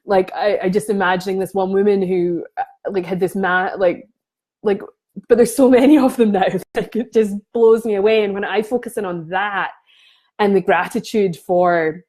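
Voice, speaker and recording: Brief: female coach, casual vlog to camera, earnest and impassioned, mid-pitch, trips over her words. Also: darkish tone. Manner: passionate, restarts sentences often. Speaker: spiritual coach.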